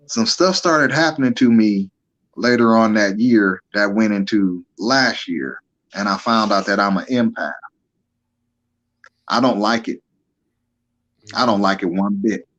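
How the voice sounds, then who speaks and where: A man's voice: on the low side, a little slow, pauses often, fairly bright tone, highs cut off. A man speaking as a guest, who tells a story in a casual, folksy way. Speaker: guest, paranormal experiencer.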